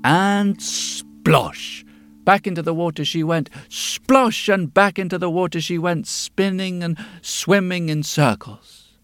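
A man's voice: high voice, unhurried, a bit bright, smooth. A man telling a story in a dramatic way, often dropping to a whisper. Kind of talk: spoken storytelling to music.

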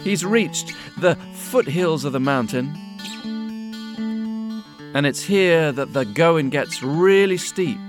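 A man telling a folk tale in a lively, expressive way, often repeating phrases. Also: fairly high pitch, takes it slowly, long pauses. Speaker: storyteller. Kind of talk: oral storytelling. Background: soft guitar.

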